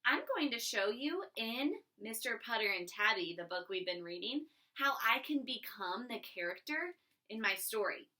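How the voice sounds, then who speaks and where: A woman teacher giving a recorded reading lesson to young children, expressive and encouraging. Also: a little high, moderate pace. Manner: expressive, encouraging, sing-song.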